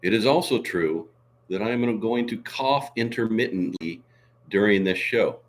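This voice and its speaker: A hoarse man hosting a casual live stream, coughing now and then and reading out viewer comments in a showy way. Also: fairly low pitch, expressive, unhurried.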